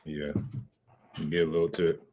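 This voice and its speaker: Deep-voiced laid-back male livestream host. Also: flat delivery, measured pace, dark tone. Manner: laid-back, rambling, slangy. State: out of breath. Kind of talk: casual livestream chat.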